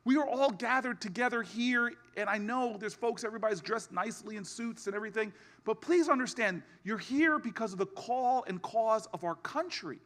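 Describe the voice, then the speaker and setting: A man delivers a keynote in a high, bright, forceful voice. He moves from humorous family stories to a rousing, oratorical finish, repeating his lines louder each time. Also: moderate pace, few pauses. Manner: oratorical, builds to shouted repetition; humorous storytelling asides. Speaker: keynote speaker.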